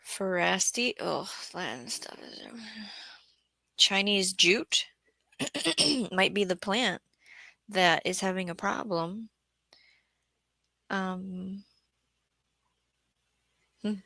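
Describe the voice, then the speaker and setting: Woman streamer, gravelly bright voice, tired, casual gardening chat, close dry mic. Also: mid-range voice, no echo. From Southeast Florida. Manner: chatty, thinks aloud, frequent throat clearing. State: tired after a bad day. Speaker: gardening livestream host. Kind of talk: casual live-stream chat reading comments.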